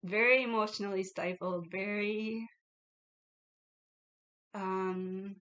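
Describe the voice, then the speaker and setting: A woman's voice: medium pitch, steady tone, takes it slowly, a bit bright. A woman talking candidly to her channel in a casual confessional vlog, reflective and full of "like" fillers. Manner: reflective, heavy "like" fillers, laughs between thoughts. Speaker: YouTuber.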